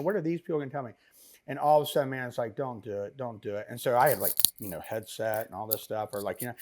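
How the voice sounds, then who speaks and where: As a podcast guest, a middle-aged founder of a business spins stories in a casual interview. He's animated and rambling, full of asides and fillers, with a voice on the high side.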